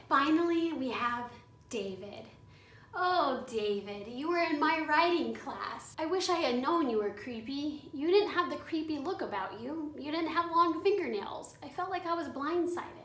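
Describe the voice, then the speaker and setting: High-voiced chatty woman vlogging. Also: fairly bright tone. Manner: chatty, candid, heavy use of "like". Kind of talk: storytime vlog. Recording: echoey room, away from mic.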